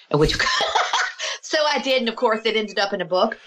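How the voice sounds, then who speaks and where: A woman's voice: deep voice, normal speed. A middle-aged woman, a healer, earnestly telling a personal story in conversation and acting out the voices of the people in it. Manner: earnest, animated, acts out quoted voices.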